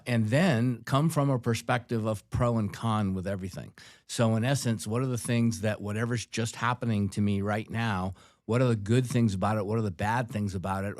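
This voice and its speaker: A man with a fairly low voice on a podcast, explaining his point earnestly and step by step. He is recorded close up, dry and dead. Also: a little mellow, no echo. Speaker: podcast co-host, real estate. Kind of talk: casual podcast chat.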